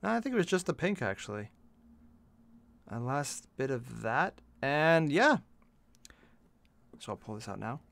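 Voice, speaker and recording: A man's voice: mid-range voice, big pitch swings, unhurried, vocal fry, pauses often, a bit bright. A man casually commenting to himself as he paints miniatures, muttering asides and small self-deprecating jokes. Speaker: miniature painting channel host.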